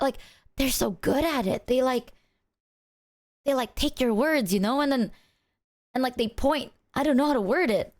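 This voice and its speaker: Animated, foul-mouthed woman streamer, higher voice. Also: normal speed, pauses often. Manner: animated storytelling, acting out both sides of a conversation; swears freely. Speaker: livestreamer. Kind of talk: casual chat.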